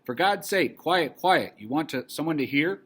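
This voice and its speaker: A man's voice: lowish voice, animated, brisk, husky. A man voicing a fussy, exasperated man in hiding. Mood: alarmed. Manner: complaining, sharp and exasperated. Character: irritable fussy middle-aged man in hiding. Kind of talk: reading a play aloud to a class.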